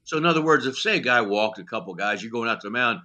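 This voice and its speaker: An older man, a former pitching coach appearing as a podcast guest, tells blunt, salty stories at a fast clip in a medium-pitched voice. He's an animated storyteller who acts out each exchange, peppering it with plenty of "you know."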